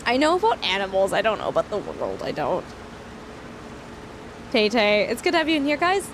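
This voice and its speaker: A young woman from Canada, a streamer chatting casually with viewers while playing a farming game, self-deprecating and quick to thank people. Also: mid-range voice, wildly swooping pitch, background noise. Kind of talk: casual livestream chat while gaming.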